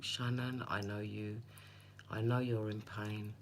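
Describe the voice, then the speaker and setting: A woman's voice: a bass voice, unhurried, vocal fry, noisy background. Chatty woman reading tarot. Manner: chatty, laughing storyteller who speaks to viewers by name. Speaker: tarot reader. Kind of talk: live-stream tarot chat.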